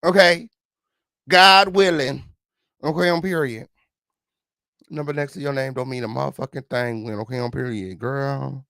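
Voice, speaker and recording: A man hosting a casual livestream, greeting viewers with flamboyant, sing-song shout-outs and sassy, profane chatter. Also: medium pitch, normal speed, creaky, clear, resonant tone, no room sound, clean studio sound. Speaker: livestream host.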